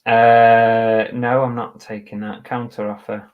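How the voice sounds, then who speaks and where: A man's voice: medium pitch, little pitch movement, slow, phone-quality sound. Bloke from manchester on a webcam stream, chatting away and muttering while he works, middling voice. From Manchester, England. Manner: muttering to himself, chatty asides to viewers. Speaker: eBay reseller streaming live. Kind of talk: casual live-stream chatter while working.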